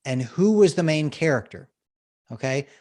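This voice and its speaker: A man, a storytelling coach, explaining techniques and telling an example story on a podcast interview, animated and laughing often. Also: a little high, normal speed. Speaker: guest, business storytelling coach.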